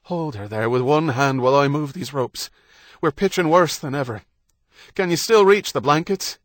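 A man reading an audiobook, voicing a calm, steady husband who gives firm, reassuring instructions. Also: on the high side, moderate pace, dry recording, studio quality, voice pushed up, close to an everyday voice. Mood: urgent. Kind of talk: audiobook character voice.

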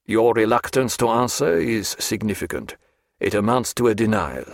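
A stern army major , as a male narrator puts him on, presses his questions in a cold, formal, measured voice. The reading is dry and close to the mic. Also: fairly low pitch, lively intonation, gravelly, dry recording. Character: stern interrogating army major, middle-aged man.

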